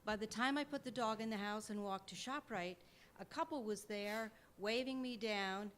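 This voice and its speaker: A woman's voice: medium pitch, normal speed, fairly bright tone, a little hiss or hum. A woman telling an earnest story during public comment at a town board meeting.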